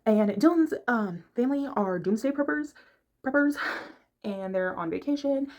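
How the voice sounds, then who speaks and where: A chatty woman talks casually about books, in a voice of ordinary pitch. She rambles from point to point and stops to hunt for the right word. She speaks from her bedroom. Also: animated, normal speed, dark tone. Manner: chatty, rambling, gropes for words. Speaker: book reviewer. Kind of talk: casual chat.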